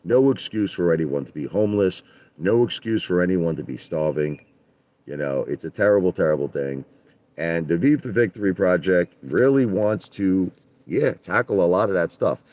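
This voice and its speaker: Deep-voiced New man rambling on a livestream. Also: lively intonation, normal speed, darkish tone, no echo. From Brooklyn, New York. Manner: rambling, chatty, greets viewers by name. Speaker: livestream host. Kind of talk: casual livestream chat. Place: in his parked car.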